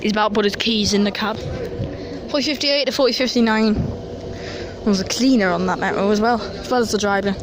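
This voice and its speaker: A man, rambling and excitable as he films a casual walk-and-talk vlog at an outdoor metro station. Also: sits high, brisk. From North East England. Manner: chatty, rambling, excitable about train details. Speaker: transport vlogger. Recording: noisy outdoor station sound.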